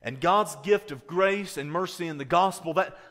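Guy pastor preaching, bright forceful voice, kinda high, earnest and emphatic. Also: moderate pace, big-room sound. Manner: earnest storytelling, growing emphatic, repeats words. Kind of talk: sermon.

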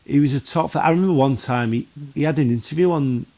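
A former goalkeeper from northwest England, guesting on a podcast, tells stories in an animated, casual chat full of fillers and restarts. He talks fast at a medium pitch.

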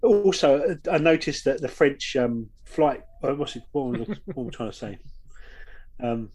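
Casting: male co-host, halting and easygoing, mid pitch. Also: expressive, darkish tone. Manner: halting, searching for words. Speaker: podcast co-host. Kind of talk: casual chat reviewing an episode.

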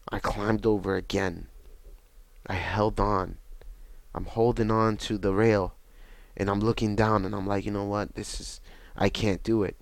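A young man, telling his own story in a halting, repetitive, reflective way. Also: fairly low pitch, gravelly, dry recording. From Bronx, New York. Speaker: interview guest. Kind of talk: personal testimony.

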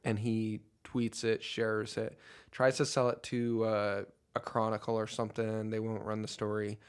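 A man co-hosting a casual movie podcast, rambling and animated as he talks. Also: fairly low pitch, normal speed, smooth. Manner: rambling, animated, laughs often. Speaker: podcast co-host.

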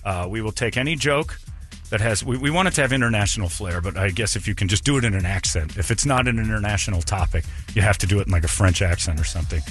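A male radio host, ranting and joking loudly in casual banter with his co-hosts. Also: lowish voice, fast talker, soft background music.

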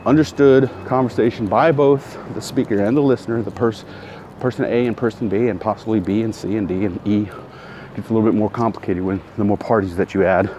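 A man's voice: on the low side, steady tone, a little fast, few pauses, dark tone. A middle-aged man hosting a podcast while walking outdoors, rambling and correcting himself, greeting passersby. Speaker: podcast host. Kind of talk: casual walking podcast monologue. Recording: outdoor street noise. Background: traffic and street sounds.

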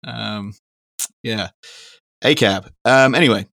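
A man's voice: lowish voice, a little slow, gravelly, sharp tone, no echo, studio quality. A man co-hosting a podcast, talking in a rambling, casual way and swearing now and then. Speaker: podcast co-host. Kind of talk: casual chat.

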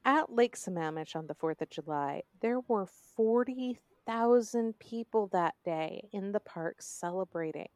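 A woman's voice: mid-range voice, expressive, unhurried, few pauses, darkish tone, no room sound. A young woman hosting a true crime podcast, telling the story in a sarcastic, conversational way. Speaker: podcast host.

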